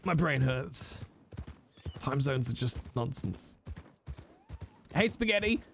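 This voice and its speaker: Man, streamer, animated casual chat, swings in pitch, mid-range voice. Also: takes it slowly, vocal fry, a little hiss or hum. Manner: animated, jokey, teasing chat and swearing.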